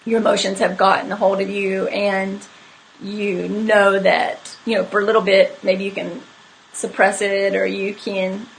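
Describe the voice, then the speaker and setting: Woman with a gravelly voice. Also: mid-range voice, flat delivery, a little slow, slight background noise, rough recording. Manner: candid, conversational, many fillers. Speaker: horse trainer hosting a live stream. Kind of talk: casual storytelling to live viewers.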